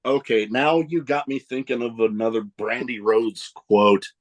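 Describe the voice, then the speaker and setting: A man co-hosting a casual podcast chat, animated and swearing freely, a little out of breath. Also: mid-range voice. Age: adult with nieces and nephew. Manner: animated, swearing, quick asides. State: a little winded. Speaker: podcast co-host.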